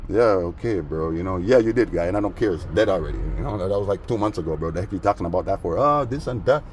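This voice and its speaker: A man's voice: low voice, racing, a little mellow, slight background noise. A man rambling through a story in casual street slang, aggrieved and agitated. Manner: streetwise, peppered with "man" and "bro". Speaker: vlogger.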